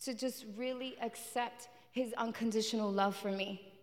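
A woman's voice: on the high side, fairly even intonation, normal speed. A woman preaching a sermon in a church, telling her testimony with passion and repeating her phrases. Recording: reverberant hall.

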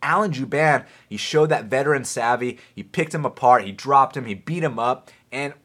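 Bright-voiced animated male podcast host. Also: mid-range voice, normal speed. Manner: animated, profane, lots of fillers. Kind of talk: casual sports talk.

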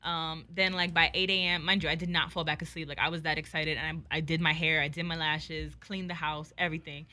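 A young woman telling a story in casual podcast chat, animated and profane, with lots of "like". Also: low-pitched, fairly quick, few pauses. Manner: animated, profane, filler-heavy with frequent "like".

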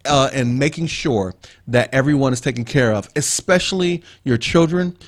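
A man's voice: medium pitch, moderate pace. A man co-hosting a relationship talk show, explaining ideas in a preachy style that circles back and repeats key points. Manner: preachy, explains with repetition and asides. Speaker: podcast co-host. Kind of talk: casual teaching talk.

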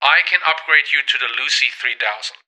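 A man's voice: mid-range voice, a little fast, pushed and bright, rough recording. An actor playing a pushy customer-service salesman with offhand sales patter.

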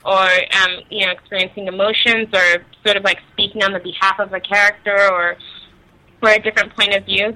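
A woman's voice: mid-range voice, sharp tone, low-quality recording. A young woman from Nigeria, chatting casually as an interview guest, laughing often and using many fillers.

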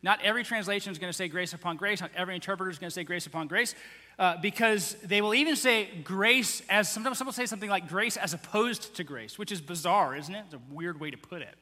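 A man preaching a sermon in a conversational, animated way, acting out quotes as he teaches. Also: high voice, fast, in a large hall. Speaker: pastor.

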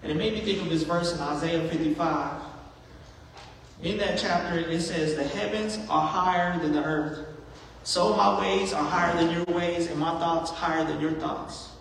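Guy preaching in a big church, kinda high voice, lots of hall echo and faint room noise. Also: moderate pace, vocal fry, a bit bright. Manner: conversational preaching with acted-out asides. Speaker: pastor. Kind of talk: sermon. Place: church sanctuary. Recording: echoey hall from far off.

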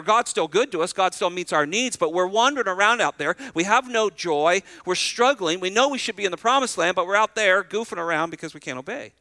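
A man's voice: high-pitched, sharp tone, dry recording. A middle-aged man preaching a sermon as pastor, conversational, asking the congregation rhetorical questions and acting out short exchanges.

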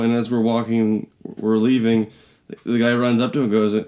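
A young man from British Columbia in western Canada co-hosts a podcast, telling a rambling, comedic camping story and acting out the voices of people he met. His voice is medium-pitched and dark, with a steady tone at normal speed. Soft music plays in the background.

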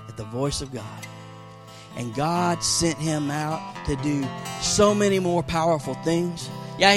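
Rousing male pastor preaching over guitar. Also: on the high side. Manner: swings between rousing exclamations and hushed, softer telling. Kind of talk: sermon. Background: soft guitar music.

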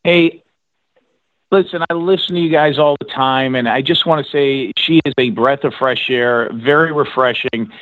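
A man's voice: medium pitch, normal speed, no room sound. A man calling in to a podcast, effusive and stammering. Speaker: caller. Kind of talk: phone-in call. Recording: tinny phone line.

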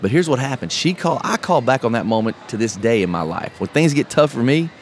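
A middle-aged man, a podcast host telling a story in casual, animated chat. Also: mid-range voice, fast. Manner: animated storyteller, calls listener bro. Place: live podcast event. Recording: live event, faint noise behind.

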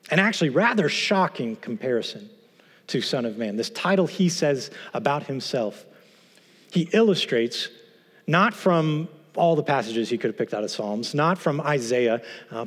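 A man's voice: mid-range voice, husky. A man teaching through a Bible passage, earnest and emphatic, posing rhetorical questions to his listeners. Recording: long hall reverb.

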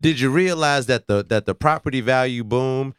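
A man's voice: medium pitch, normal speed, smooth, no room sound, studio quality. A man in casual chat, earnestly laying out theories.

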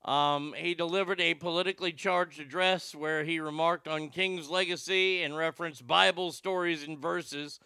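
A man's voice: on the high side, steady tone, normal speed, vocal fry, hardly any pauses, sharp tone, clear, resonant tone, dry recording. A man hosting a political commentary show, sarcastic and profane, mocking what he plays. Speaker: host.

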